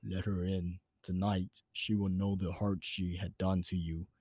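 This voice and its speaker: A man voicing a sinister male voice inside a narrator's head, low and commanding. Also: little pitch movement, a little slow, mellow, no room sound.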